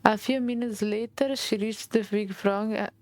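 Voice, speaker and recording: A woman with an Italian accent reading a game's fairy tale aloud as a streamer, halting and restarting, with Italian asides. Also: medium pitch, steady tone, no room sound. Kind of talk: reading game text aloud.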